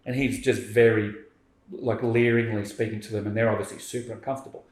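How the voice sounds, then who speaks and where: A man, a podcast guest telling a story in lively conversation and acting out what people said. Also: lowish voice, quick pace. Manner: animated, acts out quoted speech. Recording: roomy echo.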